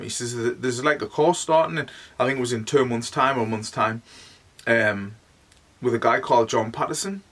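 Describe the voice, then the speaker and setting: A man's voice: mid-range voice, fairly bright tone, recorded from a distance. A man with a Northeast English accent, telling his story as a medium in a rambling, chatty way, with "like" all through. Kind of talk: casual storytelling monologue.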